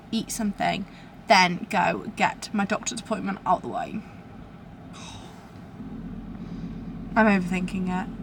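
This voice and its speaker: A woman's voice: fairly high pitch, a bit bright, a little hiss or hum. A young woman with a British accent, chatting casually to camera in a rambling, self-deprecating way. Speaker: vlogger. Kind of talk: casual vlog chat to camera.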